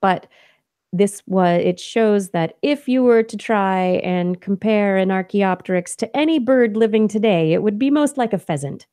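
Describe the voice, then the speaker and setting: A woman co-hosting a science podcast talks through new research in a mellow, warm tone. She explains study details casually, with laughs and fillers along the way. Her voice sounds dry and close, with no room echo. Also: medium pitch, lively intonation, normal speed. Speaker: podcast co-host. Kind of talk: casual science news chat.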